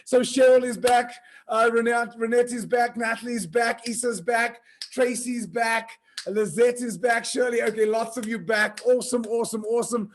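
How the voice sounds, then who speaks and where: A man hosting a virtual conference, telling jokes with lively acted-out voices and shouted punchlines. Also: extremely high pitch, normal speed. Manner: animated, shouts punchlines and acts out characters.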